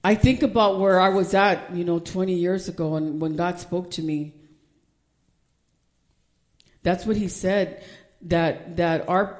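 A woman pastor preaching a sermon, passionate and climbing to loud, fervent peaks. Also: medium pitch. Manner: impassioned, rising to near-shouting.

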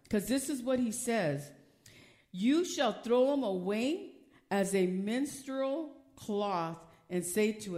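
With a mid-range voice, an older woman delivers a fervent sermon, reading scripture aloud and stumbling over some words. She laughs often and hammers her points home with emphasis.

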